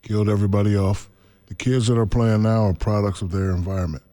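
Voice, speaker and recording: Big deep-voiced guy, mellow, chatting easy and acting out quotes. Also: fairly even intonation, quick pace. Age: 40s. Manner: laid-back, laughs often, acts out quotes. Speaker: interview guest, former basketball center. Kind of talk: casual storytelling interview.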